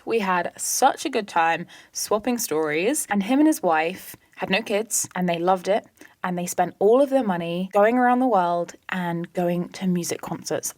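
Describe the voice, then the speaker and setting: A woman hosting a podcast, telling a story in a lively, chatty way with whispered asides. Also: on the low side, no room sound. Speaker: podcast host. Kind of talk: casual storytelling monologue.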